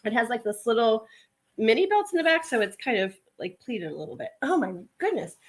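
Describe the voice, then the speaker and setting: A woman's voice: a little high, big pitch swings, a little fast. A woman hosting a casual live stream at home, chatting in a rambling way with many fillers while she sorts clothes to resell. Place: at home, sorting a pile of clothes.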